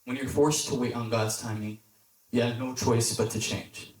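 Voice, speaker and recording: A man's voice: fairly even intonation, normal speed, a little mellow. A man, a deacon, giving a casual sermon to a youth group, telling a story and often checking in with his listeners. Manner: conversational, checks in with the audience; storytelling, drops low for emphasis. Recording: echoey hall, distant mic.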